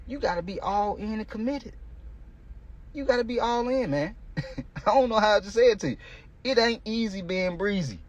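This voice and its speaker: A man's voice: high-pitched, expressive, normal speed, long pauses, no echo. A male coach hosting a podcast, giving a blunt, profane motivational monologue in casual street talk.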